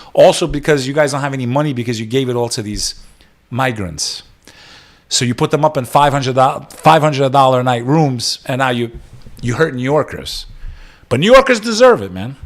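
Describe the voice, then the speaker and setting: A man's voice: medium pitch, brisk. Brief: New guy, late 30s, solo podcast host, swears a lot, sarcastic rants between headline reads, mid-range voice. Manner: profane, sarcastic ranting, reading headlines aloud. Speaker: podcast host reacting to news. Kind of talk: ranting news reaction podcast.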